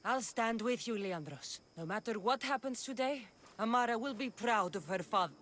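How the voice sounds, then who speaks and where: An actress playing a calm, dry-witted woman mercenary in a video game. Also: on the high side, moderate pace, slight background noise. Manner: calm, dry, matter-of-fact. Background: game music.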